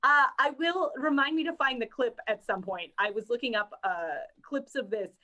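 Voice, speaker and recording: A woman's voice: on the high side, normal speed, sharp tone. A woman co-hosting a podcast in casual chat, reading out news and talking wryly, often laughing as she speaks. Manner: wry, laughs while talking. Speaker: podcast co-host.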